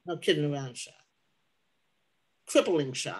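An older woman recalling her mother in conversation, pausing often to search for words. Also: sits low, expressive, darkish tone, breathy edge, poor audio. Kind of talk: conversational recollection.

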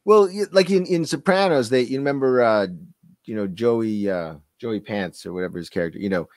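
A man's voice: mid-range voice, a little fast, a little mellow, no echo, studio quality. A man being interviewed on a radio show, rambling and hesitating through his answers. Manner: rambling, hesitant, full of fillers. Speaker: guest actor.

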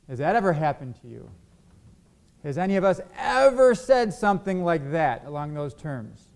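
A man gives a sermon in a church hall and keeps asking his congregation questions. His voice sits a little higher than most men's. He acts out the arguments he quotes. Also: sing-song, normal speed, vocal fry, a little mellow. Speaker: pastor.

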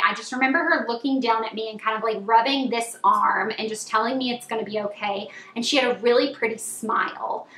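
Chatty twenty-something girl doing a storytime vlog, bright highish voice, bit of room echo. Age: 20s. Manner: chatty, animated retelling with lots of "like" and squealed quoted lines. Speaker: vlogger.

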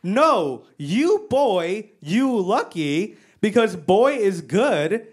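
A woman's voice: mid-range voice, slightly rough, pitched above the performer's own voice, heavily acted. A woman doing her stubborn Vietnamese-accented mom. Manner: broken clipped English, slow and flat-footed. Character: Vietnamese immigrant mother, stubborn, blunt. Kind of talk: stand-up act-out.

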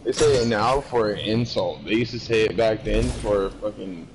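A man's voice: on the low side, moderate pace, noisy background. A man in casual gaming chat over voice chat, laid-back and bantering. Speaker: gamer.

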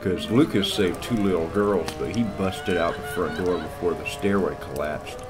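Music plays behind this lightly acted, low-pitched male voice at normal speed. He's the cartoon's narrator and lead, a self-important, scruffy guy with a beer belly, telling a meandering story that keeps stalling in false starts.

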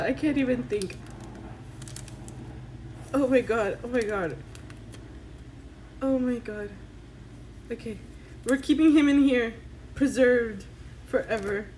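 Excitable woman vlogger, high voice, unhurried gushing delivery. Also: a little hiss or hum, low-quality recording. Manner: excitable, gushing, squeals in delight. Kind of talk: casual unboxing vlog.

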